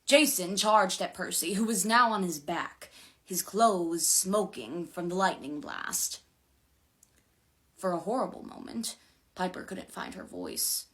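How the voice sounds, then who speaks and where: Woman reader for a dramatic novel excerpt, lower voice, lively and unhurried. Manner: expressive, dramatic. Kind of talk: dramatic book reading.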